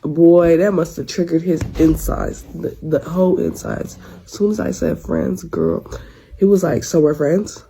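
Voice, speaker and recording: A woman's voice: fairly low pitch, expressive, a little slow, vocal fry, dark tone, slight background noise, low-quality recording. A young woman in her twenties telling a rambling story in casual slang, restarting her sentences often. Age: 20s. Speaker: storyteller in a clip.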